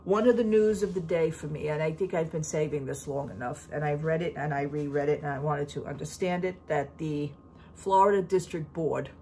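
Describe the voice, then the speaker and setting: A woman's voice: sits low, steady tone, a little fast, dark tone, a little hiss or hum. A middle-aged woman vlogging in a casual, chatty way, opinionated and full of fillers and restarts. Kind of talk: casual chat.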